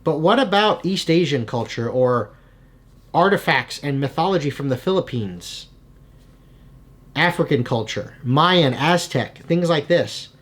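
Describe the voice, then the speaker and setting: An energetic young man talks straight to his viewers, casual and animated, often tossing in "right?" to check they follow. His voice sits a little high for a man. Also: a little slow. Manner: energetic, conversational, frequent "right?" asides. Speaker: channel host giving tabletop game advice. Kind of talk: casual advice video.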